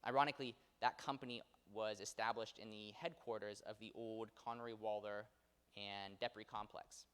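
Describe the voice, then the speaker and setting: Low-voiced man lecturing in a hall. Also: fairly even intonation, moderate pace, a bit bright, smooth. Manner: conversational with frequent fillers and self-corrections. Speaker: local history lecturer. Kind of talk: public history lecture. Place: theater auditorium. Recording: long hall reverb.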